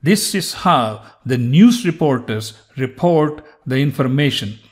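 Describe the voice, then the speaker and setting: A middle-aged man with a part Indian, part American accent, hosting a pronunciation lesson and repeating each word slowly for emphasis. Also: mid-range voice, expressive. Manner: slow, deliberate, repeats words for emphasis. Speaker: host.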